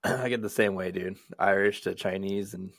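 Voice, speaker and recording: A man's voice: low voice, fairly even intonation, normal speed, no room sound, studio quality. A man co-hosting a podcast, talking in a laid-back, rambling, crude way. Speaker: podcast co-host. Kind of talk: casual podcast chat.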